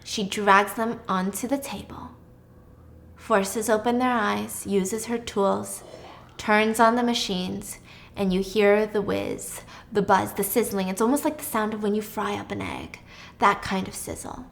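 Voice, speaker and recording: A woman's voice: medium pitch, steady tone, a little slow, gravelly. A young woman hosting a casual show, retelling a plot dramatically and swearing freely. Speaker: host. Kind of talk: casual storytelling recap.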